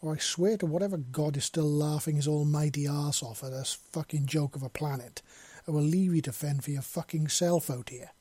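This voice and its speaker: A man's voice: a little high, moderate pace, dark tone, slightly rough, dry recording. Wisp, a swearing female robot read by a man. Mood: angry. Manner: sweary, blunt, sardonic. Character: sharp-tongued female robot, freed prisoner. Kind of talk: fan fiction audiobook reading.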